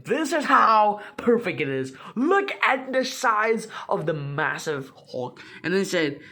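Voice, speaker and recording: A man's voice: high-pitched, sing-song, a little slow, hardly any pauses, sharp tone. A young man casually recapping a comic book, rambling with lots of fillers, restarts and slang.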